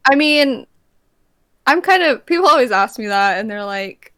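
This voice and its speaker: A woman's voice: on the high side, animated, normal speed, pushed and bright, no echo. A young woman being interviewed as a guest streamer, laid-back and giggly, saying "like" a lot. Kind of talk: casual interview chat.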